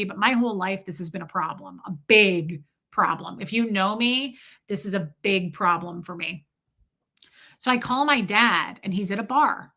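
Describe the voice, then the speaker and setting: A woman hosting a livestream tells her chat a candid, rambling personal story. Her voice is mid-range with a sharp tone.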